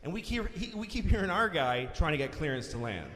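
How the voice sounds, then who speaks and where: Man, stand-up comedian, high voice, very lively pitch, shouts punchlines, profane, reverberant live venue, faint hiss. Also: fairly quick. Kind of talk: stand-up storytelling.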